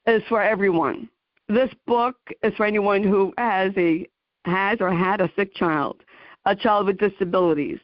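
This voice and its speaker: A woman hosting a radio interview show who talks effusively and emotionally, with halting "uh"s between her words. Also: mid-range voice, no echo, muffled recording. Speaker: host.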